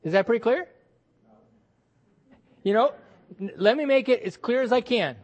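High-voiced man preaching emphatically. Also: normal speed. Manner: animated, emphatic preaching with repeated words and acted-out quotes. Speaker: pastor. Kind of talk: sermon.

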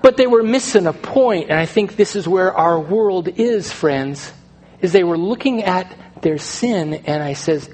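A male pastor preaching a sermon in a conversational style, swinging between loud stretches and hushed ones. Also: high-pitched, animated, normal speed, slight background noise.

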